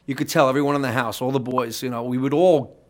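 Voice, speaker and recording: Animated man telling stories. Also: medium pitch, quick pace. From New York. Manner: animated, swearing, laughing, rambling with restarts. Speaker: guest musician. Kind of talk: casual interview storytelling.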